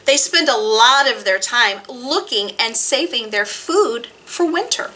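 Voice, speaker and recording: A woman hosting a library storytime, reading rhymes and picture books aloud to toddlers in a sing-song, expressive way. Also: a little high, a little slow, a little hiss or hum. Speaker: children's library storytime host.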